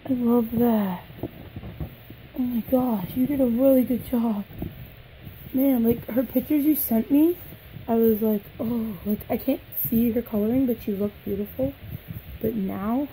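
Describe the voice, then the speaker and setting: Excitable woman with a dark, mellow voice. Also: a little high, measured pace, slight background noise, rough recording. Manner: gushing, excitable, drops to soft whispers. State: hoarse. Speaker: vlogger unboxing a doll. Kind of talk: casual unboxing vlog.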